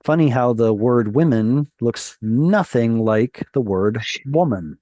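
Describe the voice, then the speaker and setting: A man's voice: mid-range voice, animated, slow, mellow, dry recording, muffled recording. A man teaching Hebrew in a live online reading class, patiently explaining and correcting pronunciation. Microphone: video call.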